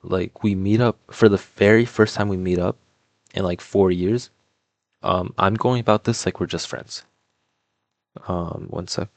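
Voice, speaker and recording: A man's voice: sits low, steady tone, a little slow, long pauses, dry recording. A young man telling a personal story in a casual, rambling way, full of "like" and "um" fillers. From Toronto, Canada. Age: young adult. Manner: rambling, filler-heavy, lots of "like" and "um"; laid-back, mumbling asides while doing a puzzle. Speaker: vlogger.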